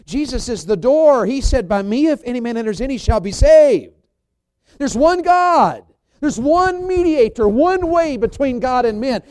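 Evangelist guy preaching, high voice, dry close sound, goes loud then soft. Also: no echo. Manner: emphatic preaching that swings from loud to quiet. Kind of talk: sermon. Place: church service.

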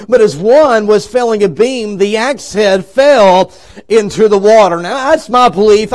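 A high-pitched male evangelist preaches a revival sermon in a church. He pushes his points hard, swinging between quiet stretches and loud ones, and calls out to the congregation for a response. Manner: preaching with rising and falling emphasis, calling on the congregation. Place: church sanctuary.

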